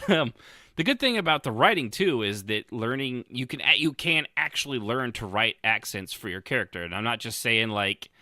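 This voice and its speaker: This male co-host rambles through a casual roleplay conversation with plenty of restarts. His mid-range voice has a sing-song lilt and sounds pushed and bright at normal speed. The sound is dry and studio-clean.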